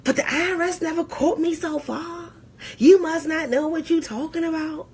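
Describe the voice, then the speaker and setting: A woman's voice: very high-pitched, moderate pace, a little mellow, pitched above the performer's own voice. A woman putting on the voice of a stubborn tax client who brushes off warnings, drawing out her words in a defiant, mocking way. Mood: dismissive.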